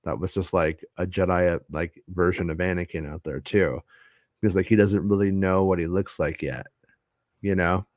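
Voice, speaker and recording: Casual podcast host: a deep-voiced man, halting, dry close mic. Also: steady tone, darkish tone, dry recording. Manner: hesitant, many restarts and fillers. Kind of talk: casual chat.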